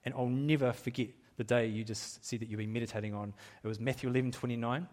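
A man's voice: mid-range voice, fairly even intonation, quick pace, a little mellow. A middle-aged man preaching a sermon in a church, candid and self-deprecating, laughing at himself and often restarting his sentences. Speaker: pastor.

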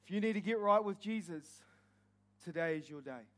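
A man's voice: high voice, animated, normal speed, a bit bright. A man, preaching as pastor at a church service, telling his own testimony with rising passion and leading an altar call.

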